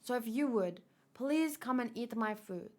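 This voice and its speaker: A woman reading the lines of a timid, polite captive male chef from a comic, hesitant and hurried. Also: fairly high pitch, animated.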